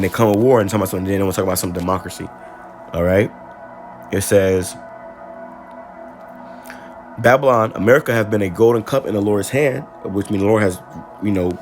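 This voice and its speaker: Man, low voice, informal sermon, slow scripture reading, casual slang commentary, stammering restarts, faint background music. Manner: reads verses slowly, then explains in casual street slang with many stammered restarts. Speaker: preacher.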